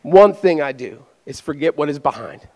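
A man, a pastor, preaching a sermon with energetic exhortation that drops into quiet conversational asides. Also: fairly high pitch, normal speed. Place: church hall. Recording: long hall reverb.

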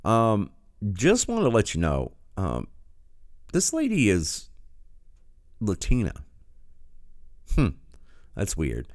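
A man's voice: on the low side, huge pitch swings, takes it slowly, long pauses, a little mellow, dry recording, studio quality. A man giving sarcastic, incredulous commentary, often stopping a video to react.

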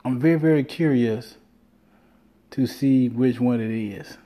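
A man's voice: mid-range voice, a little slow, dark tone. A man hosting a podcast, talking loosely and rambling, swearing freely and acting out quoted lines. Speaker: podcast host. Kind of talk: casual monologue.

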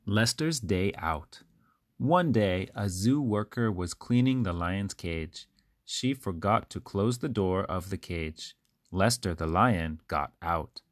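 A man reading short children's stories aloud in a slow, careful, even manner. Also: sits low, no echo, clean studio sound. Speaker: children's book reader. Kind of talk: storybook read-aloud.

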